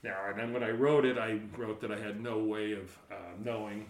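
A man telling a story in casual chat, animated, laughing often and acting out the shouted quotes. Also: on the low side, fairly quick. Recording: roomy echo.

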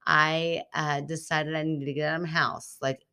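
A woman's voice: low-pitched, little pitch movement, moderate pace, bright, forceful tone, clean tone. A slightly tipsy woman co-hosting a podcast at home, teasing and apologizing with lots of laughter. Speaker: podcast co-host. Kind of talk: casual chat. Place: home, small audience present.

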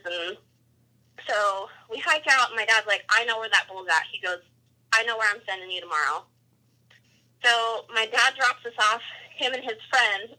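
A woman recounts a hunt in a casual, animated way, acting out the quotes and the animal calls. Her voice is very bright and sits a little high for a woman. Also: low-quality recording. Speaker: hunter telling a story. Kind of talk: casual storytelling.

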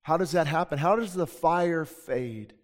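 A man's voice: fairly high pitch, a little slow. A man preaching as a pastor, earnest and emphatic, often restarting his sentences. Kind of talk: sermon. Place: church sanctuary. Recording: long reverb of a church hall.

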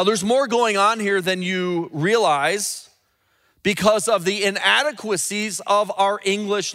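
A man preaching a sermon as a pastor, teaching earnestly and dropping low and slow when he quotes scripture. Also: a bit bright. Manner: repeats and restarts words when building a point.

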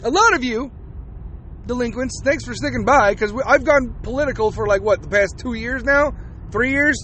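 A podcast host delivering a fired-up, profane and sarcastic political rant. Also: male voice, very high-pitched, moderate pace, sharp tone, a little hiss or hum.

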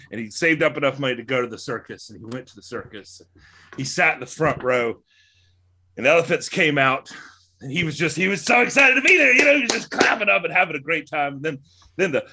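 A man's voice: a little high, bright, forceful tone, slight background noise. A man in casual chat, telling a long rambling joke with swearing and laughs. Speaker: podcast co-host.

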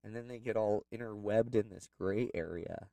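A man's voice: on the low side, moderate pace, creaky, dark tone, no room sound, far from the mic, poor audio. A man telling a personal story in a candid, rambling way, with plenty of fillers. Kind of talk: personal reflective monologue.

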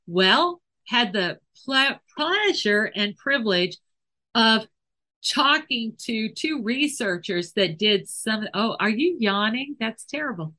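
A woman hosting a podcast about animal training talks slowly and carefully through her points. Her voice has a bright, clear edge, and she explains her ideas with examples, sometimes restarting a phrase. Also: a little high, lively intonation. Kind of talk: casual explanatory podcast talk.

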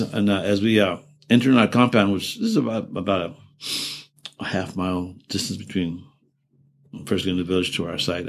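In an oral history interview, an older veteran with a low voice rambles through profane war stories. He trails off and restarts, laughing his way through grim memories.

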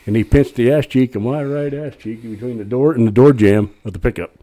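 A man's voice: medium pitch, fairly quick, mellow. An older man, a podcast guest, telling casual stories in a folksy, profane way and laughing through them. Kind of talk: casual storytelling.

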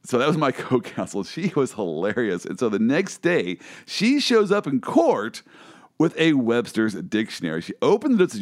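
A man hosting a casual chat, an animated storyteller who laughs often and tells stories from his own legal work. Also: medium pitch, moderate pace. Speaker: host, lawyer.

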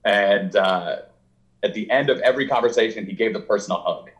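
A man with a somewhat low voice, talking as an author guest in a casual interview. He tells stories in a loose, rambling way and acts out the quotes with animation. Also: brisk.

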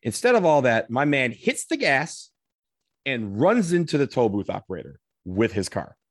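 A man telling a comedic personal anecdote, animated, swearing casually and acting out what people said. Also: medium pitch, moderate pace, dry recording, clean studio sound.

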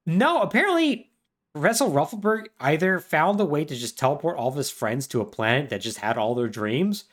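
A man co-hosting a podcast, casually retelling a game's plot and slipping into quick voices for the characters. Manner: animated, lively pitch, puts on brief voices for characters. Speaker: podcast co-host.

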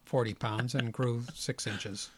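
A man's voice: medium pitch, steady tone, measured pace, breathy edge. A middle-aged man co-hosting a casual film chat, dry and wry, tossing in jokey asides. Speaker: podcast co-host.

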